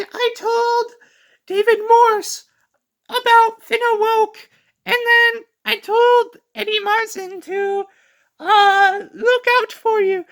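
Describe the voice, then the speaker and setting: A reviewer voicing a sly, giggling female villain in a squeaky falsetto, gloating as she explains her scheme in a comic retelling of a film scene. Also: fairly bright tone, exaggerated voice.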